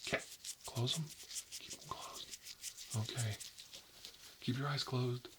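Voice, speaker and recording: A man playing a nervous male doctor in a soft-spoken ASMR role-play, rambling and filling his talk with "like" and "you know.". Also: medium pitch, steady tone, takes it slowly, background noise, natural voice. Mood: uneasy. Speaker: doctor examining a patient.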